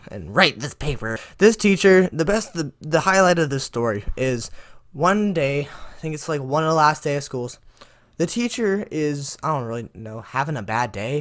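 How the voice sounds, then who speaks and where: A teenage boy casually telling school stories to his camera, rambling and mimicking teachers and classmates. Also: a little high. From United States. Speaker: vlogger.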